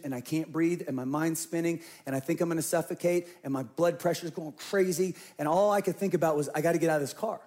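Middle-aged pastor guy telling his own story from the pulpit, earnest, kinda high-pitched. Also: darkish tone. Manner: earnest personal testimony, acting out his own past words. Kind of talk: sermon storytelling.

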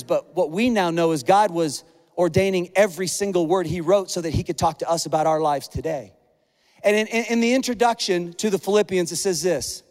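A pastor preaching a conversational, animated sermon, acting out the voices he quotes. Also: high voice, moderate pace, in a large hall.

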